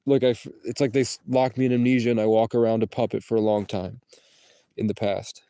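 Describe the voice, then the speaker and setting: A man's voice: lowish voice, flat delivery, fairly quick, dark tone, no echo. Rambling man livestreaming from his car. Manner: rambling, profane, jumps between topics. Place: in and around a parked car, outdoors.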